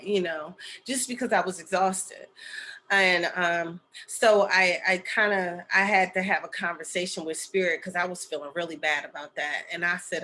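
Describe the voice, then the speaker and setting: Woman, middle-aged, bright tense voice, chatty monologue, lots of fillers and check-ins. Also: on the low side, fairly even intonation, moderate pace. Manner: chatty, many fillers and asides like "okay?" and "right?". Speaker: spiritual medium and healer sharing a story. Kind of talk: casual storytelling monologue.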